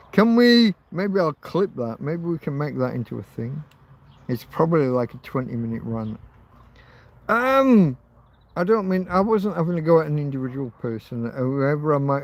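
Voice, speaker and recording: A man hosting an informal livestream, ranting heatedly and swearing, with phrases repeated for emphasis. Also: medium pitch. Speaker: livestream host.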